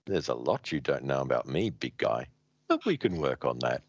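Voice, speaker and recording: A man's voice: very deep voice, sing-song, normal speed, no echo, highs cut off, voice pushed down, exaggerated voice. A man doing a sultry, flirty superhero woman.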